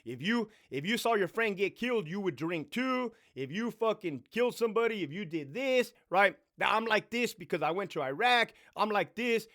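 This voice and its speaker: Profane, animated man ranting a story. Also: a little fast. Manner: profane, animated, swings between loud bursts and low mutters. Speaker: vlogger telling a story. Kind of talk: casual storytime rant.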